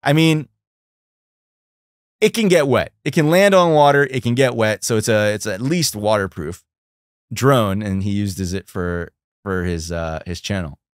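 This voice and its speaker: Chatty young man streaming, low voice. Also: a little slow, no echo, clean studio sound. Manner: chatty, animated, swears casually. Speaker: livestream host. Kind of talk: casual livestream chat.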